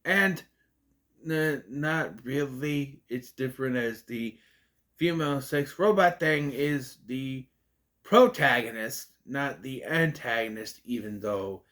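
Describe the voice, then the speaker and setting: Slowly, in a mid-range voice, a young man gives a casual spoken movie review that rambles and stays animated, with frequent mid-sentence self-corrections.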